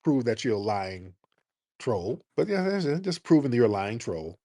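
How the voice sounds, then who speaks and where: A man's voice: mid-range voice, sing-song, normal speed, dark tone, dry recording. Brash, mocking male talk host. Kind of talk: call-in talk show.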